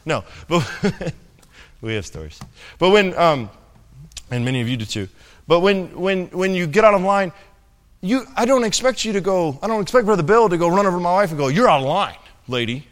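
A man's voice: high-pitched, animated, moderate pace, long reverb tail. A man preaching a sermon in a church, talking with the congregation through rhetorical questions and asides. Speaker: pastor.

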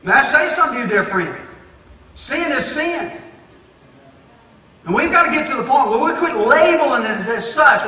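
Man preaching, fervent and repetitive, high ringing voice, echoey hall, mic far away. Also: lively intonation, moderate pace, pauses often, sharp tone. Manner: fervent, repetitive, addresses listeners as dear friend. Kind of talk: sermon. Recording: echoey hall, picked up from a distance.

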